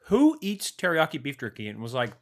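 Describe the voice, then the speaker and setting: An easygoing young man co-hosting a casual snack-tasting podcast, with a voice of ordinary pitch for a man. He talks through bites of food in a relaxed way. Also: fairly quick. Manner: easygoing, chats while chewing. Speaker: podcast co-host.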